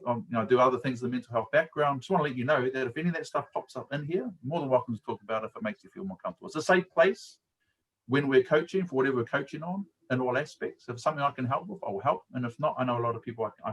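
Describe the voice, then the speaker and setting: A middle-aged man with a New Zealand accent talks casually on a live stream, mid-pitched and easygoing. He tells stories in a colloquial way and often laughs as he speaks. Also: fairly bright tone, breathy edge, poor audio. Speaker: guest speaker and coach.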